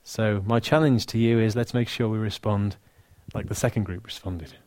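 A man with an English accent preaching a sermon, earnest and warm, dropping to soft, hushed lines for emphasis, with touches of dry humor. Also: lowish voice, fairly even intonation, moderate pace, no echo. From England. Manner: earnest, softening to near-whisper on key lines, dry humor.

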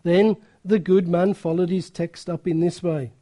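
A woman's voice: lowish voice, fairly even intonation, measured pace, hardly any pauses, dark tone. A woman preacher reading a story aloud during a sermon and breaking off now and then for asides to the listeners.

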